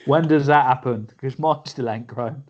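A man, co-hosting a podcast in playful casual chat, laughing often. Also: medium pitch. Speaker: podcast co-host. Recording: dull lo-fi audio.

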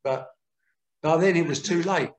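In this interview, an older boxing promoter tells earthy, unfiltered stories and acts out what people said. His voice is a little high and his pace measured, with reverberant acoustics.

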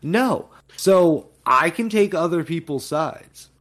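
Casting: man, fairly high voice, teasing podcast co-host. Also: expressive, slow pace, fairly bright tone. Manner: teasing, playful.

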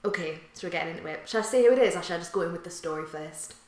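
A woman's voice: lowish voice, very fast, darkish tone. A young woman, chatting and telling anecdotes as a podcast co-host, laughing often. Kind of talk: casual chat and anecdote. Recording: echoey room.

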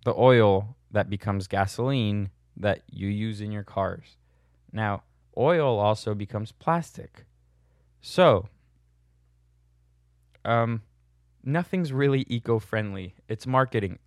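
A man's voice: on the low side, a little slow, no room sound, studio quality. A young man casually answering viewer questions in a blunt, sardonic way, chuckling at his own jokes. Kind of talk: casual Q&A monologue.

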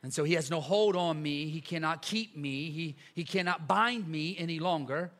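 A male pastor preaching a casual, energetic sermon to a church congregation, full of slang, repeats and asides. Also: on the high side, moderate pace. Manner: lively, chatty preaching with slang and repetitions. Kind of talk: sermon with a live illustration.

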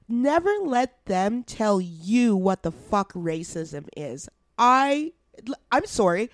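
A woman's voice: fairly high pitch, big pitch swings, measured pace, a little mellow, no room sound, studio quality. A woman co-hosting a podcast, ranting bluntly and swearing freely in casual chat. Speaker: podcast co-host.

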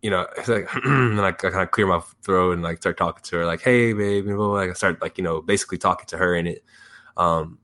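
Young guy guesting on a podcast, lowish voice, rambles w tons of "like"s, gets excited. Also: fast. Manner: rambling, filler-heavy, excitable storytelling. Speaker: music producer guest. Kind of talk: casual podcast interview.

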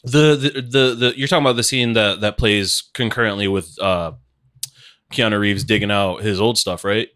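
A man in casual conversation about a film, riffing and arguing points with animated energy. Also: on the low side, normal speed. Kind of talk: casual movie discussion.

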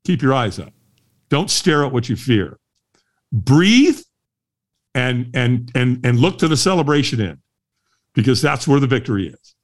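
A middle-aged man, a guest on a podcast, telling a story in a lively way and laughing often. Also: medium pitch, moderate pace. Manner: lively, laughs often, acts out the voices of others. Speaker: guest, firewalk instructor. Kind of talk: animated storytelling in a podcast interview.

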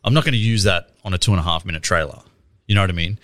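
A man's voice: deep voice, very fast, a bit bright. A man, chatting casually about a trailer, swearing freely and laughing often. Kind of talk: casual chat reviewing a trailer.

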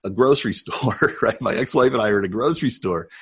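A man co-hosting a podcast, chatting casually and telling animated stories with frequent laughter. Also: medium pitch, quick pace, husky. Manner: storytelling, animated, laughs often. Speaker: podcast co-host. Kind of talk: casual chat.

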